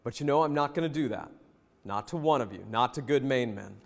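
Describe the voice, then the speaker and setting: A man reciting a Civil War colonel's speech to his troops in a low, solemn, steady voice. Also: fairly quick, vocal fry, in a large hall, natural voice.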